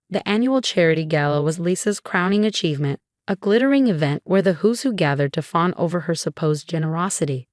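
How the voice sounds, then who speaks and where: A woman with a low voice narrates a dramatic first-person story in an even, measured way. The sound is dry and close, with no room around it. It is scripted storytelling, steady from line to line. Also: no echo.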